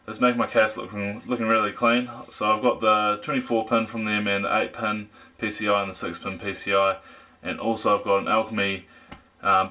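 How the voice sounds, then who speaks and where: Laid-back New Zealand man, low voice. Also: pushed and bright. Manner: laid-back, jokey, rambling with fillers. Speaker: tech reviewer. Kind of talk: casual hands-on product review.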